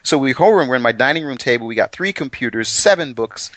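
A man co-hosting a Bible study show, telling stories with excitement and frequent laughter. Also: medium pitch, fast talker, dry recording. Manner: excitable, laughs often, animated storytelling. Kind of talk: enthusiastic Bible study chat.

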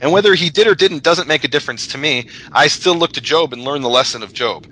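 A man's voice: fairly high pitch, fast, sharp tone, rough recording. A man, a guest on a religious podcast, talking thoughtfully and explaining his points with quotes from scripture. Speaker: guest Bible scholar. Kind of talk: casual religious discussion on a podcast.

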